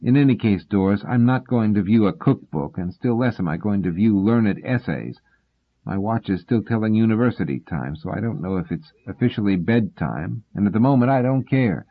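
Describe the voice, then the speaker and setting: A man reading the lines of a wry, scholarly grown man, earnest and a bit exasperated, in a husky voice. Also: lowish voice, animated, normal speed. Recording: tinny phone-like sound.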